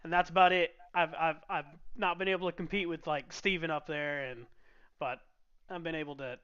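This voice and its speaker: A man talking casually on a racing podcast, relaxed and self-deprecating. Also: on the high side, a little fast, smooth, muffled recording. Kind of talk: casual chat.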